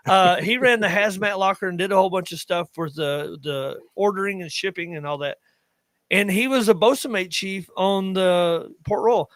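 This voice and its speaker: A man's voice: high-pitched, normal speed, a bit bright, no room sound. A man in his thirties with an Appalachian accent, co-hosting a podcast and telling rambling stories in casual chat, often breaking off mid-sentence. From Appalachia, western North Carolina. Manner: rambling, self-interrupting storyteller. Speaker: podcast co-host.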